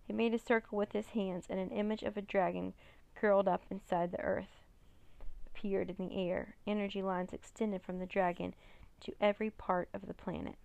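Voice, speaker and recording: A woman reading a children's chapter book aloud in an expressive storytelling manner. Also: medium pitch, normal speed, vocal fry, dry recording. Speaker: reader.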